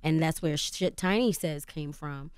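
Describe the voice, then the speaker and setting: A woman actress, a guest on a radio interview, telling stories in an animated way and laughing often. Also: low-pitched, measured pace, clean tone, no echo, clean studio sound.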